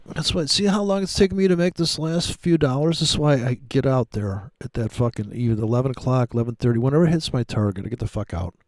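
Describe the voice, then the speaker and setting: A day trader streaming live rambles through sarcastic, profane commentary as he trades. He talks fast with few pauses in a medium-pitched, darkish voice. The sound is clean studio quality with no room sound.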